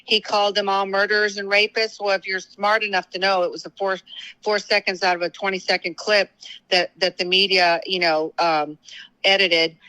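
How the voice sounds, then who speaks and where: A woman's voice: mid-range voice, little pitch movement, normal speed, bright, forceful tone, clean tone, rough recording. A woman guest talking politics in a casual, heated way, rambling with many fillers and restarts, tired after a long day.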